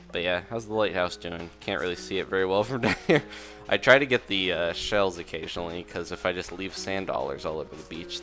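A man's voice: low-pitched, fairly bright tone. A young man giving casual, rambling commentary while playing a game, laughing often and second-guessing himself. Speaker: let's play host.

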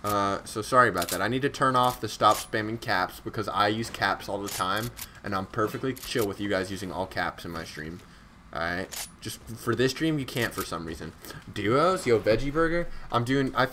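This young Scottish streamer has a lowish voice and provides lively, slangy commentary on the game he's playing, talking with viewers and erupting in sudden outbursts. A little hiss or hum sits in the recording.

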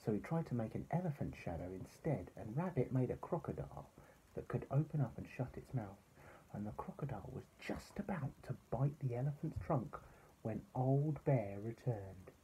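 A father reading a bedtime story aloud to his son, gentle and expressive. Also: mid-range voice, moderate pace, slight background noise, rough recording.

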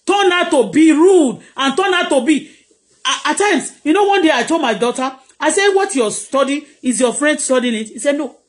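A woman's voice: sits high, animated, moderate pace. A middle-aged Nigerian woman vlogger, delivering a heated, preachy live-streamed rant that scolds her critics.

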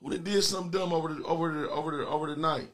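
A man hosting a comedy call-in show with loud, crude, taunting banter aimed at his callers. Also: on the high side, steady tone, racing.

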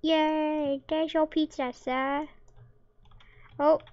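High-voiced woman narrating her gameplay. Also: little pitch movement, extremely slow, darkish tone, no echo, dull audio. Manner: playful, silly sound effects and jokes. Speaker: gamer. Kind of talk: casual gameplay commentary.

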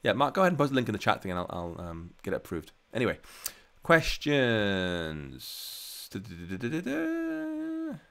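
A man's voice: fairly low pitch, normal speed, creaky. A man hosting a live coding stream from home, chatting casually and answering viewer questions with plenty of ums. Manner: chatty and relaxed, many ums and restarts.

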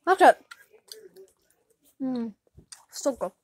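Chatty high-voiced girl vlogger. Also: extremely slow. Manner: excited, chatty, swings loud when tasting. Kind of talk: casual food-tasting vlog.

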